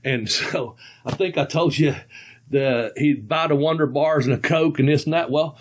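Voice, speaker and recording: A man's voice: on the high side, moderate pace, a little hiss or hum. A man in his sixties, a podcast host, telling stories in a rambling, folksy way with frequent chuckles. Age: 60s. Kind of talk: casual storytelling.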